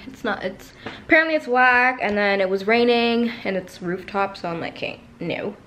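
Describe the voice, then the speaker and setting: A woman's voice: mid-range voice, moderate pace, a bit bright, a little hiss or hum. A young woman in her twenties chatting casually to her vlog camera, out of breath, laughing often and using slang. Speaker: vlogger.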